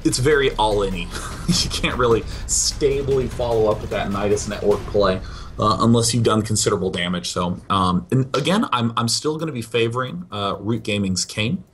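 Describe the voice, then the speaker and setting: A man's voice: fairly low pitch, a bit bright, soft background music. A man co-casting a live esports match, eager and joking as he talks through the players and maps. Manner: eager, joking, quick to laugh. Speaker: esports co-caster. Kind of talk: live game commentary.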